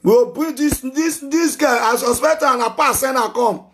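A man with a Nigerian Pidgin English accent hosting a live call-in show, loud, scolding and repetitive. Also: very high-pitched, moderate pace, slight background noise. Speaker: talk show host taking calls.

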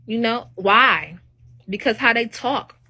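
A woman's voice: on the high side, animated, takes it slowly, pushed and bright, husky. A woman hosting a live stream, talking in a casual, opinionated monologue that is emphatic and preachy, with rising exclamations.

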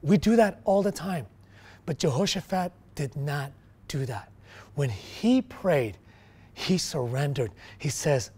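A male pastor preaching a sermon, swinging from quiet, low stretches to loud, emphatic bursts, with frequent restarts. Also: lively intonation, takes it slowly, slightly rough.

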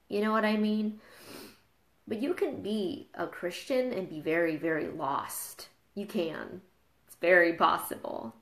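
A woman's voice: mid-range voice, fairly bright tone. A woman in her thirties speaks openly and personally to her viewers, like a mom sharing her story on a live stream. Her voice sits in the middle of the usual range for a woman. Her words ring through a roomy, echoey space. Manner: candid, confessional, gets emotional. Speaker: mom and fitness trainer. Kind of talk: casual live video talk. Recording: echoey room.

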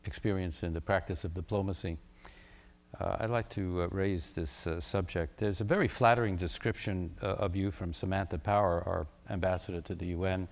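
Older man with a deep gravelly voice. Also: steady tone, in a large hall. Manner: measured, formal, with many uhs. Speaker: moderator, former ambassador. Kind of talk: panel conversation.

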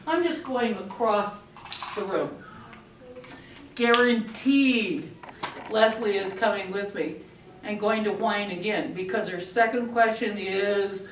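An older woman giving a parenting talk to an audience, telling stories in an animated way and acting out children's voices. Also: medium pitch, slow pace, reverberant, far from the mic, background noise. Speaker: parenting speaker.

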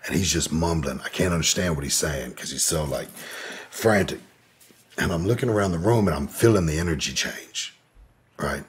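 A man's voice: very deep voice, moderate pace, slightly rough. A man as an interview guest, telling a personal story in a candid, profane way with many fillers. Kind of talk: casual storytelling.

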